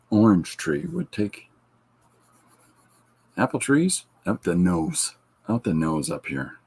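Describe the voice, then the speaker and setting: Low husky-voiced man chatting. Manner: joking, laughs at his own retellings. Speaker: podcast host. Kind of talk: casual chat reading viewer comments.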